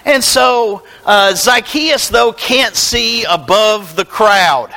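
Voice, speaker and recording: A man preaching a sermon, animated and conversational, joking with his congregation. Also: high voice, slow pace, creaky, soft background music, poor audio. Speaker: pastor.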